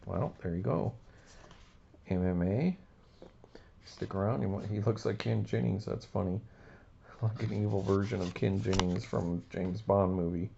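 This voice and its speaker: A man's voice: lowish voice, a little slow, creaky, pauses often, dark tone, lo-fi sound, slight background noise. A man hosting a casual card-opening video, talking in a rambling, laid-back way. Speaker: card-collecting channel host.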